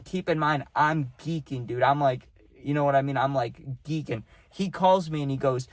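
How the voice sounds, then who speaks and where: A young man spins a long personal story in a casual, profane ramble, stacking up "like" and "dude" as he goes. His voice sits at an ordinary middle pitch. The sound is close and dry, with no room echo. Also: normal speed, darkish tone. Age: young adult. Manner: loose, profane, rambling with many fillers. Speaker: podcast host telling a personal story.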